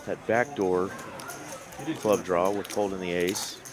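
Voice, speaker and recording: Deep-voiced man doing poker commentary. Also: takes it slowly, heavy background noise. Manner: relaxed, conversational, chatty asides.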